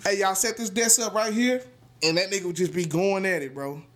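A man guest on a podcast, telling animated stories in casual slang, dropping "bro" constantly. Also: sits high, fairly quick. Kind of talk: casual storytelling.

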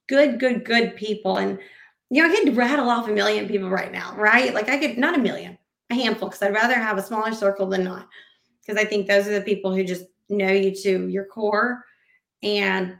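A woman's voice: mid-range voice, vocal fry, roomy sound. A woman guest on a podcast, talking casually and animatedly, acting out quoted conversations and rambling with restarts. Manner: animated, acts out quoted dialogue; rambling with frequent fillers and restarts.

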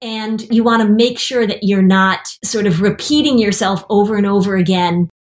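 A woman's voice: mid-range voice, moderate pace. Brief: woman in her fifties, therapist host, plain explanatory podcast talk. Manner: explanatory, acts out parents and kids in lively voices. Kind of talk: casual podcast chat.

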